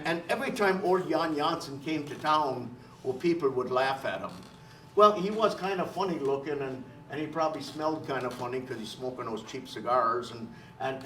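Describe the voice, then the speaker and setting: A man's voice: on the high side, fairly bright tone, slight background noise. A man, a folk singer and storyteller, talking in a folksy, colloquial way during a live music program for an audience. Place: live performance space with audience. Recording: roomy live recording, mic at a distance. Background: banjo and dulcimer playing.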